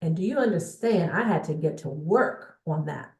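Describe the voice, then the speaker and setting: A woman's voice: lowish voice, animated, moderate pace, darkish tone. A woman giving a motivational sales coaching talk to viewers, emphatic and often checking in with her audience. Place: indoor room with a bookshelf behind her. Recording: echoey room.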